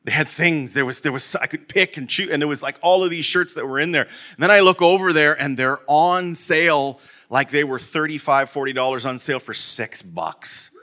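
This vlogger has a fairly high, bright, forceful voice and a moderate pace as he casually tells his viewers a personal story. He rambles, restarts and stammers, leaning on stock fillers like "okay, in there" and "and whatnot," with self-deprecating humour throughout.

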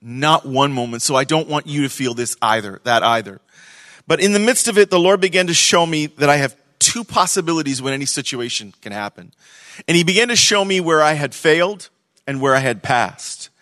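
A man preaching a sermon to a church congregation, conversational and animated, swinging between loud emphasis and hushed moments. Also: fairly high pitch, a little fast, no room sound. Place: church service.

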